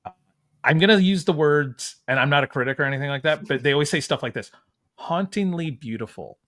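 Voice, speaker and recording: A man's voice: fairly high pitch, quick pace, fairly bright tone, no room sound. A male podcast host wrapping up an interview in a light, joking way. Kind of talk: casual chat.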